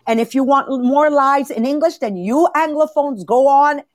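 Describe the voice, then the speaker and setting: A woman's voice: high voice, moderate pace, a little hiss or hum. Woman coaching with emphasis. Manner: emphatic, repeats words for stress, many fillers. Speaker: podcast host, leadership coach. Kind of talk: motivational teaching talk.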